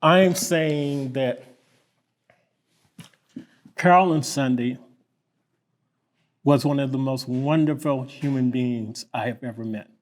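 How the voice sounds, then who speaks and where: A man from Kentucky who is a pastor, giving a halting, reflective memorial tribute. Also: mid-range voice. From Lynch, Kentucky.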